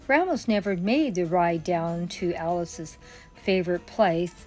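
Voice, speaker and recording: A woman's voice: fairly low pitch, expressive, a little slow, a little mellow, soft background music. An older woman chatting in a friendly way as a home decor vlogger. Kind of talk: casual decorating vlog.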